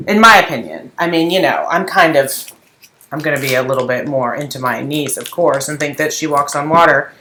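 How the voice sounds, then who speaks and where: A woman's voice: deep voice, bright, forceful tone. A middle-aged woman rambling through a story in casual chat while she paints furniture, with lots of restarts. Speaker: furniture painting tutor and shop owner. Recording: echoey room with faint noise.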